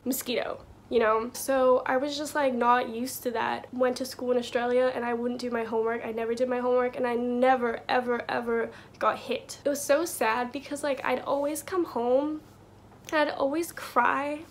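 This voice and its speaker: High-voiced young woman telling a story. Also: flat delivery, normal speed, a little hiss or hum. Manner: soft-spoken, many filler likes, gets choked up. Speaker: vlogger. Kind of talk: casual storytelling.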